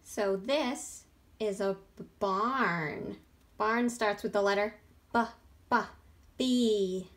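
A woman who is a children's librarian, gently teaching a sing-along lesson for small children. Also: medium pitch, slow pace. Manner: gentle, encouraging, sings with ukulele.

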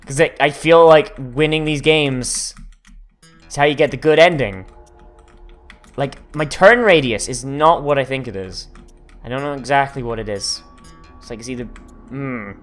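A man's voice: medium pitch, a little slow, long pauses, a bit bright, faint music behind. A man doing casual gameplay commentary, swearing often and breaking into frustrated outbursts. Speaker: let's player.

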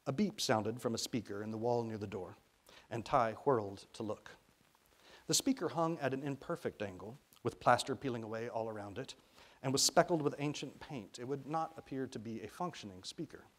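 A middle-aged man from Arkansas reads his children's novel aloud, unhurried and expressive. His voice sits at an ordinary pitch, and he lets the narration flow like a practiced storyteller. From Arkansas, USA. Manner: expressive storytelling, briefly voicing characters. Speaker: author reading his own book. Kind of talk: reading a children's novel aloud at a public event.

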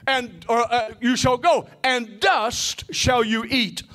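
A man preaching a sermon, calling out to the congregation and answering his own questions, often rising to a shout or a sing-song cadence. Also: extremely high pitch, fairly even intonation, slow pace. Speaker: pastor.

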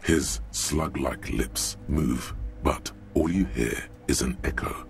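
An extremely deep, grave inner voice narrates a video game in an ominous, commanding way. He mocks the listener, and game music plays clearly underneath. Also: slow, heavily acted.

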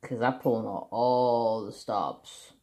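A woman's voice: extremely low pitch, fairly even intonation, takes it slowly, mellow. A woman craft vlogger in casual, rambling chat, laughing often and swearing freely.

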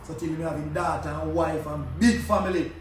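An older Jamaican man spins laid-back stories in patois, his voice a little high for a man. He sounds far from the mic in a very echoey room with faint hiss behind him. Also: fairly even intonation, a little fast, crowd noise. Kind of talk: casual chat.

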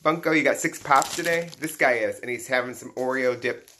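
Man, live-stream unboxing chat, bright, forceful voice, excitable, chatty, talking into a phone. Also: mid-range voice, moderate pace, a little hiss or hum. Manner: excitable, chatty, greets viewers by name, frequent gasps and laughs. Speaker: toy collector hosting a live stream.

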